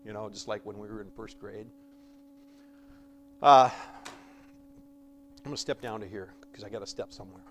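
Animated male preacher with acted-out asides. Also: fairly low pitch, normal speed, pauses often. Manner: animated, acts out quoted voices with humor; shifts between loud emphasis and soft asides. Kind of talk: conversational sermon.

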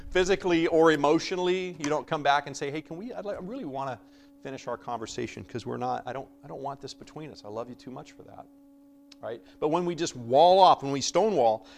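A man preaching a conversational sermon, swinging between loud emphasis and soft asides and acting out quoted voices with humor. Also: a little high, fairly quick, vocal fry.

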